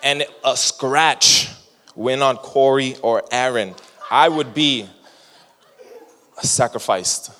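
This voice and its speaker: A man preaching a sermon as a lively story, laughing often and acting out what people said. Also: medium pitch, takes it slowly, long pauses. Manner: animated, laughing storyteller who acts out quotes. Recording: long hall reverb.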